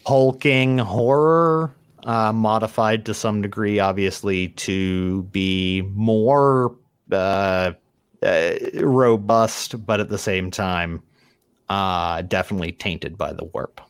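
A man narrating as game master of a tabletop game, describing scenes deliberately and pausing to search for words. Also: lowish voice, fairly even intonation, clean tone, no echo.

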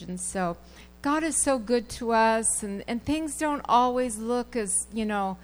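A woman's voice: on the high side, poor audio. A woman in a church service giving an earnest, conversational testimony about a trip abroad. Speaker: church member giving a report.

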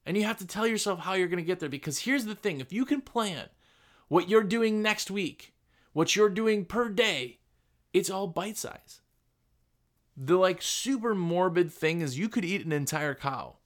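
Male podcast host with a slightly high voice, blunt and animated, pushing listeners to plan and hustle. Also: moderate pace. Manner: blunt, animated, rhetorical questions. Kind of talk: motivational business talk.

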